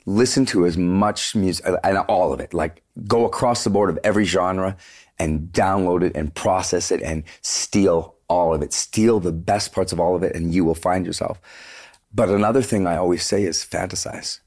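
A guest singer from Canada speaks at normal speed in a very deep, low voice during a laid-back interview. His stories are animated, full of "like" and "dude," with a swear word here and there.

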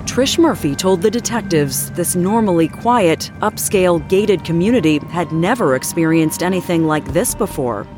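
A woman giving measured, dramatic scripted narration for a true-crime program. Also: lowish voice, animated. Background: music.

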